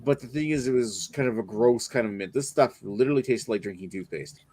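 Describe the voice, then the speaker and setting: A man's voice: medium pitch, fairly quick. A man hosting a casual beer review show, chatting loosely and swearing now and then. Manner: laid-back, swears casually, animated. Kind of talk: casual chat.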